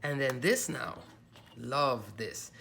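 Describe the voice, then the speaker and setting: Lady with a pretty low voice gushing over craft dies, chatty, thinking out loud as she measures. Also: lively intonation, takes it slowly, vocal fry, a little hiss or hum. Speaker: crafting haul vlogger. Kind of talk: casual show-and-tell chat.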